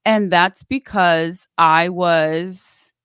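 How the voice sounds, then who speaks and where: Animated woman telling her story, low voice. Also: very slow, clean tone, no room sound, studio quality. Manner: animated, acts out quoted voices. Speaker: interview guest. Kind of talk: candid storytelling interview.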